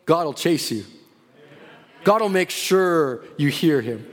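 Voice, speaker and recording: Fervent preacher in an echoing hall. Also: male voice, on the high side, expressive. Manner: dramatic storytelling, drawing quoted prayers out slowly; builds to fervent, emphatic preaching. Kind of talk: sermon. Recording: long echoing reverb of a large hall.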